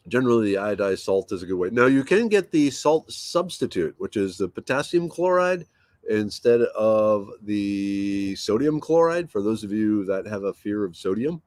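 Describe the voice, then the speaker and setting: Speaking in a lowish voice with no room sound, a livestream host chats casually from home. He reads viewers' comments aloud, rambling in an easygoing way and thinking aloud with plenty of fillers.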